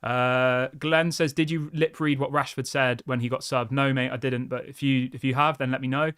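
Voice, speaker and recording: A man's voice: medium pitch, level tone, moderate pace, fairly bright tone, clean tone, no echo, clean studio sound. A man hosting a football channel, reading viewer comments aloud and giving blunt, frustrated opinions in a chatty way. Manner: frustrated, blunt and conversational, often saying "mate".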